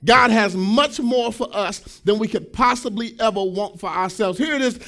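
A man in his thirties preaching a sermon as pastor, with a sing-song cadence that rises to shouts. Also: high-pitched, moderate pace.

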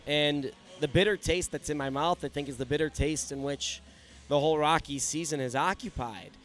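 Smooth-voiced man hosting a sports podcast. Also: a little high. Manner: candid, conversational, opinionated. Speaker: podcast host. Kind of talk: solo sports podcast talk.

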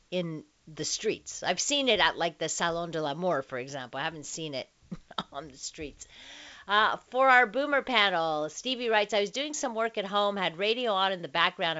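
A woman with a lowish, forceful, bright-edged voice hosts a late-night radio talk show from a studio. She reads listener letters aloud in a chatty, unpolished way, full of ums and uhs. The sound is a dull, lo-fi radio broadcast. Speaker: radio call-in show host.

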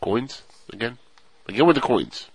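A man's voice: mid-range voice, big pitch swings, moderate pace, husky, dry recording, rough recording. A man co-hosting a casual online radio show, reading stories and joking with his partner, often slipping into mock accents.

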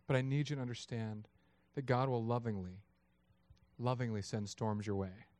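A man in his thirties preaching a sermon, lively and acting out voices of God and people in his story. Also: medium pitch, normal speed. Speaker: pastor.

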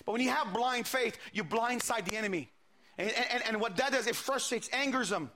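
A man's voice: very high-pitched, a little fast, bright, forceful tone. A man preaching a sermon, retelling a scripture story with quoted dialogue and frequent repeated words.

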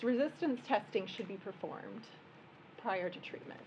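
A woman, a physician giving a relaxed, joking medical workshop lecture in a conference room. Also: medium pitch, a little slow, dull audio, noisy background. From American Midwest. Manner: conversational and joking, explaining plainly.

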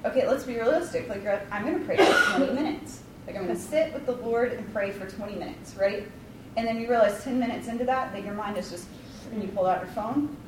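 A woman's voice: fairly high pitch, fast talker, noisy background. Chatty woman teaching in a roomy space. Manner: chatty, rambling, full of likes and ums, self-deprecating. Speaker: Bible study leader. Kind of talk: casual devotional talk. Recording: roomy, distant mic, faint ambience.

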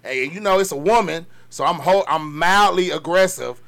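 A man in his thirties co-hosting a podcast, telling stories in an animated way and acting out what people said. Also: a little high, moderate pace, vocal fry, faint music behind. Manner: animated storytelling, acts out quotes. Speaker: podcast co-host. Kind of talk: casual chat.

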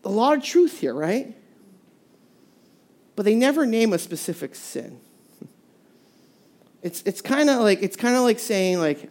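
A preacher giving a sermon, telling a story in a lively way with many restarts and short laughs. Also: mid-range voice, measured pace, long pauses.

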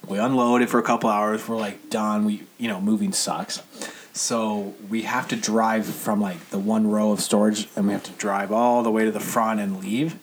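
A man's voice: fairly low pitch, normal speed, a little hiss or hum. A man in casual chat, telling stories animatedly and swearing freely, acting out what people said. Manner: animated storyteller, swears freely, acts out quotes.

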